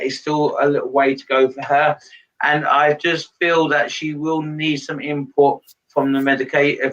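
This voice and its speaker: Guy doing a live medium reading, kinda high voice, lots of ums, sounds far off and muffled. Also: sharp tone. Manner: halting, relays messages with many pauses and fillers. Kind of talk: live spirit reading to a sitter. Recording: distant mic, dull lo-fi sound.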